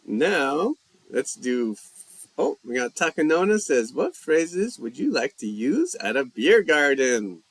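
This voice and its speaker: Slow, easygoing man hosting live chat. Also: fairly high pitch, slight background noise. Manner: slow, relaxed, thinking aloud while reading chat. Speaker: language livestream host.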